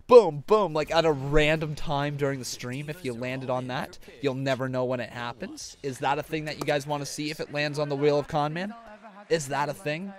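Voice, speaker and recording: A man hosting a wrestling reaction live stream, chatting with viewers and calling the action, breaking into shouts at big moments. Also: mid-range voice. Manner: chatty, talks to viewers, fillers like "like" and "uh". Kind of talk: live-stream play-by-play commentary and chat.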